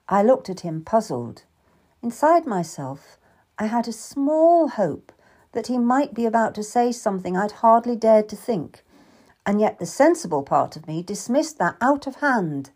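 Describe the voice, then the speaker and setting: Slow, melodic woman narrating a tale. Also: on the high side, sing-song, a little mellow, slightly rough. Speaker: audiobook narrator. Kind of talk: first-person scripted narration.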